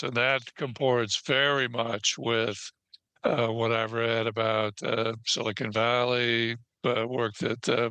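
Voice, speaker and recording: Older man chairing a panel, gravelly. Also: medium pitch, pushed and bright, dry recording. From United States. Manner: conversational with frequent fillers. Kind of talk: panel moderation.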